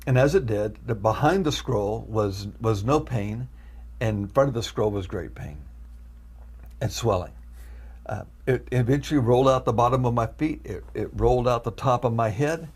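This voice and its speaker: A man giving an emotional testimony as a guest, animated and repeating himself as he acts out his own prayers. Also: medium pitch, slightly rough. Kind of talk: emotional storytelling.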